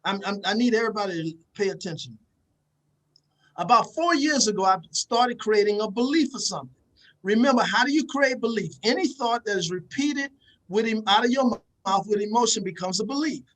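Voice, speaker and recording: A man's voice: high-pitched, animated, brisk, a bit bright, low-quality recording. A man giving a preachy motivational talk, emphatic and repetitive, speaking straight to his audience.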